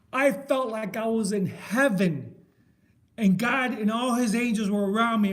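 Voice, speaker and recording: Middle-aged man, high-pitched, emphatic faith sharer who repeats himself like a preacher. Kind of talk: passionate faith sharing.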